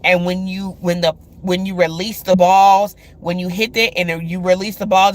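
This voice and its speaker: A woman's voice: on the low side, steady tone, moderate pace, hardly any pauses. Woman host for a casual spiritual love reading, chatty, filler-heavy, addresses viewers directly. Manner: chatty, many filler words.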